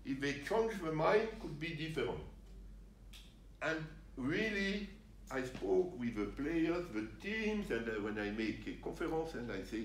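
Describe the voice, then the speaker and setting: An older man from France with a French accent, giving an animated, jokey talk to referees in broken English. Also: mid-range voice, a little slow, a little hiss or hum. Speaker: guest speaker. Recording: roomy sound from a distance, faint ambience.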